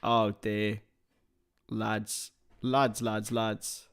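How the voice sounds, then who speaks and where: Speaking in a lowish, clear and resonant voice that draws out its words, a man hosts a live football watchalong. He mixes commentary on the game with relaxed chat, swearing freely, calling his viewers lads and bursting into loud, excited cries.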